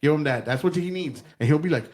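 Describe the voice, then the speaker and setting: A man's voice: fairly high pitch, fast, darkish tone. A man co-hosting a podcast, chatting casually and profanely about politics and acting out quotes with animation. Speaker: podcast co-host.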